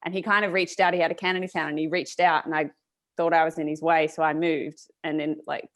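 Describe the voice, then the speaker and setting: A woman cycling journalist talks quickly on a podcast, telling a rambling story with a lot of tangents. Her voice sits a little low for a woman. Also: flat delivery. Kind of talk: podcast discussion.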